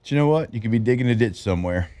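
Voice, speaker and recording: A man's voice: medium pitch, lively intonation, very fast, warm tone, no room sound. A man co-hosting a morning sports radio show, chatting and joking easily with his co-hosts. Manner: easygoing, joking banter.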